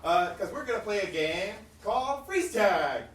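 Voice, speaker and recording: A playful man hosts a live improv show, talking through the game rules with plenty of fillers. His voice sits high. It is picked up from a distance in an echoey theater room with faint noise. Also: big pitch swings, normal speed. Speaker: improv host. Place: small theater stage.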